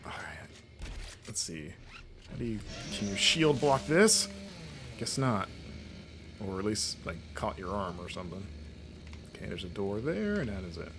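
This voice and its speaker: A man's voice: on the low side, sing-song, normal speed, long pauses, noisy background. A young man from the United States, a streamer and games critic, chatting casually over gameplay and laughing easily. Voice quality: chatty, laughs easily, jumps into playful mock voices.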